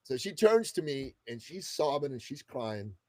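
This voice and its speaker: A man in his fifties from the Middle East, a guest telling a story in a casual, expressive way and swearing freely. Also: mid-range voice, normal speed, no echo. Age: 50s. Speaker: guest entrepreneur. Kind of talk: animated storytelling in conversation.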